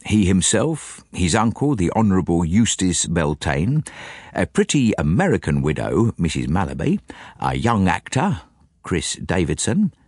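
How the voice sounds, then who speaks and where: A condescending, persuasive police inspector, as a reader puts him on, low-voiced and brisk. His telling is matter-of-fact but rises and falls widely. The sound is close and dry. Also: sing-song, darkish tone, husky, dry recording, heavily acted. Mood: recounting. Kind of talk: audiobook character voice.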